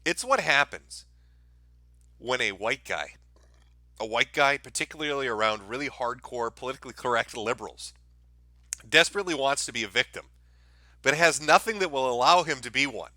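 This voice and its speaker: A man's voice: mid-range voice, expressive, normal speed, pauses often, bright, forceful tone, no echo. A man hosting a commentary show, talking in a mocking, sarcastic, profane way.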